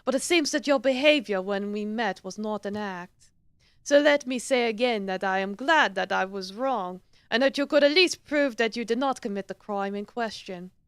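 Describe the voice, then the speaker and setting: A woman's voice: medium pitch, moderate pace, clear, resonant tone, dry recording, voice pushed down, lightly acted. A woman voicing a courteous, sly male professor-detective in a game, in a formal, mock-British put-on accent.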